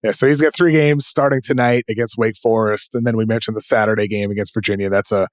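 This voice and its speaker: A man's voice: lowish voice, fairly even intonation, no echo. Man with a New England accent hosting. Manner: brisk rundown of notes, self-correcting. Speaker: podcast host. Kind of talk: casual podcast segment hosting.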